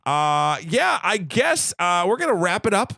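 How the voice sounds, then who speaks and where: A male podcast host talks in a loose, rambling style and corrects himself as he goes, with a playful edge. His voice sits fairly high, and the recording is dry with almost no room sound. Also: very animated, measured pace, gravelly, pushed and bright, dry recording. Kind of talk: casual film podcast chat.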